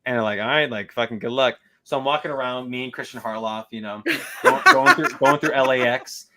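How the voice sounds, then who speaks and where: Bright-voiced animated man telling a story. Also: medium pitch, a little fast. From Chicago. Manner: animated, swearing, acts out quotes. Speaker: podcast co-host. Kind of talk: casual chat, storytelling.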